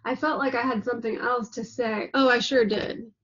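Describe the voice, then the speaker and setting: A woman's voice: a little high, fairly even intonation, moderate pace, fairly bright tone, husky, lo-fi sound. A woman coaching an online class, chatty and repetitive, often tossing in a rhetorical "right?". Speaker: manifesting coach.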